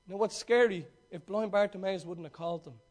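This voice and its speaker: A man's voice: sits high, a little fast, darkish tone. A male preacher giving a sermon, retelling a story with emphatic repetition and direct questions to the congregation.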